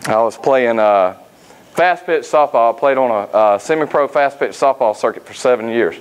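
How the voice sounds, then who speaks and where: A man, giving a motivational speech at a sales academy. He tells folksy personal stories and pauses often on "uh.". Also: medium pitch, clean tone, rough recording. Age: 30s. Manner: folksy, anecdotal, frequent "uh" fillers.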